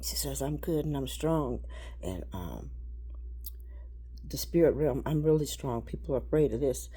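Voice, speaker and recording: A woman giving a rambling, preachy spiritual monologue, halting and repeating words, dropping to a hush and then rising loud. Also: extremely low pitch, animated, slightly rough. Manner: preachy, swings between hushed and loud.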